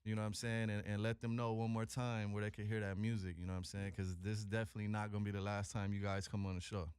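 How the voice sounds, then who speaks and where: A man's voice: on the low side, little pitch movement, fast, a little mellow, clear, resonant tone, no room sound, clean studio sound. A man hosting a casual podcast, talking in laid-back slang. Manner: laid-back slang, "you know what I'm saying". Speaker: podcast host. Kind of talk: casual interview chat.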